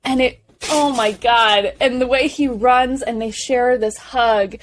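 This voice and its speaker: Chatty young woman, slightly high voice. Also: a little slow. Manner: gushing, animated retelling of scenes. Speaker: podcast co-host. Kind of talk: casual film discussion chat.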